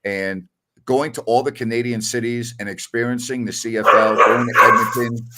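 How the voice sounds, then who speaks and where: A man's voice: medium pitch, steady tone, normal speed, very noisy. A middle-aged man hosting a sports talk show, blunt and opinionated, telling stories with a laugh. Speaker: sports radio host.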